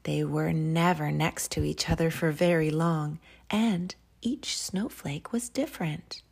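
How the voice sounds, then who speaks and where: A woman hosting a children's story channel, reading a picture book aloud in a soft, hushed, soothing way. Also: low-pitched, a little slow, vocal fry, slightly rough. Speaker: storyteller host.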